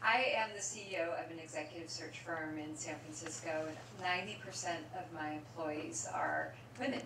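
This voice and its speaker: A woman in the audience asking a question in a measured, businesslike way. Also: low voice, a crowd in the background. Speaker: audience member. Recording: distant mic in echoey room with noise.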